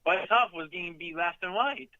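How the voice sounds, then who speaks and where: A man's voice: sits high, lively intonation, moderate pace, sharp tone, dry recording, muffled recording. A man calling in to a talk show, chatting casually and hesitating with many ums. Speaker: caller. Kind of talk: casual chat on a call-in show.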